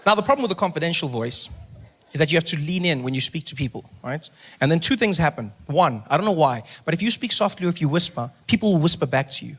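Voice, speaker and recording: A man, doing animated stand-up storytelling and jumping in and out of the voices of other people. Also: fairly high pitch, quick pace. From South Africa. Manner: animated, acts out voices, drops to a hush for effect. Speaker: stand-up comedian.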